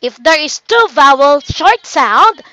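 A woman with a Filipino accent teaching a children's phonics lesson online in a slow, coaxing teacher voice. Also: high voice, sing-song, bright, forceful tone, dry recording. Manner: slow, coaxing teacher talk, reading out learners' names. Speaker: online tutor.

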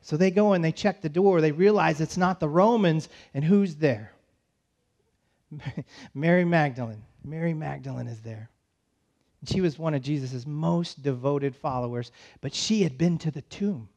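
High-voiced pastor telling a story. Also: male voice, darkish tone, muffled recording. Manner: storytelling, voices the disciples' panic in quick asides. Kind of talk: sermon. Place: church.

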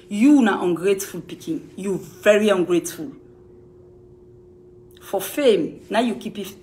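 A music manager with a Sierra Leonean Krio accent, this woman speaks at medium pitch. She answers accusations to camera in a heated rebuttal that's accusing, emphatic and repetitive.

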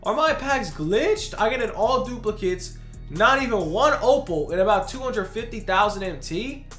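A man's voice: high voice, lively intonation, moderate pace, sharp tone, soft background music. A man doing video game pack opening commentary, ranting in exasperation with frequent groans and sighs. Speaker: gaming video creator. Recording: roomy echoey recording.

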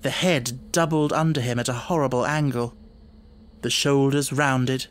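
A man narrating an audiobook in a steady, dramatic storytelling manner. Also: mid-range voice, measured pace.

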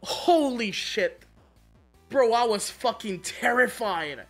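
A man streaming a game, chatting casually and telling stories, excitable and swearing a lot with frequent laughter. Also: extremely high pitch, slow, faint music behind. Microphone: streaming mic.

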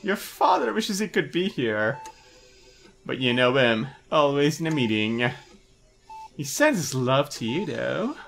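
A fretting, doting mother at a hospital bedside, read out by a man playing a game, her voice a touch higher and softer than his own. The delivery stays lively in pitch, anxious and caring as she fusses over her hurt child. It sounds like a video game scene voiced on the fly. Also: measured pace, creaky, faint music behind, exaggerated voice. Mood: fretful. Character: worried fussing mother at a hospital bed.

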